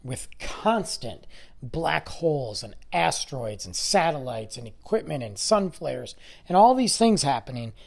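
A podcast host in their forties, slightly hoarse from losing their voice, talking in a rambling, speculative and emphatic monologue. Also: mid-range voice, sing-song, a little slow, a little mellow. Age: 40s. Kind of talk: casual monologue.

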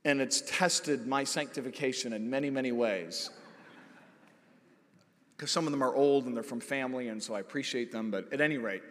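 A man preaching a sermon as pastor, emphatic, rising to loud declarations and dropping low again. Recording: long hall reverb.

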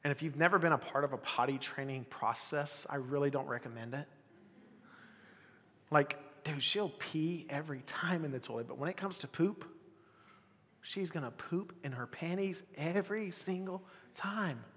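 A young adult man preaching a casual sermon as pastor, swinging between loud bursts and near-whispers. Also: on the high side, moderate pace, big-room sound.

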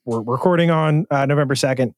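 A man's voice: medium pitch, fast, dry recording. A man co-hosting a sports podcast, chatting casually with jokes and profane banter. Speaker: podcast co-host.

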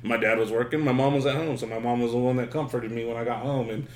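A man's voice: medium pitch, steady tone, quick pace, roomy sound, slight background noise. A man hosting a podcast, telling stories in casual chat, rambling with many fillers and cursing freely, recorded in a hotel room. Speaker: podcast host.

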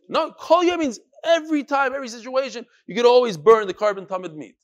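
A man teaching a Talmud class, explaining the text in an animated way, calling on students and reading Aramaic phrases in a singsong. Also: extremely high pitch, fast talker, hardly any pauses. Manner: animated, switches between English and chanted Aramaic phrases, calls on students. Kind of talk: lively classroom Gemara lesson.

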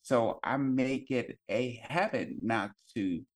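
A man's voice: mid-range voice, slow pace. Laid-back man telling a story with fillers. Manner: loose storytelling with many fillers and profanity. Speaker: podcast co-host. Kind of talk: casual chat.

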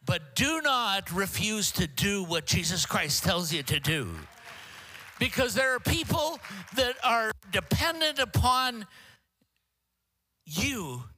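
An older man delivers a sermon as a guest preacher. His voice sits high and sounds bright, and he keeps breaking into jokey, self-deprecating asides. He stumbles through halting restarts before pressing on. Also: big pitch swings.

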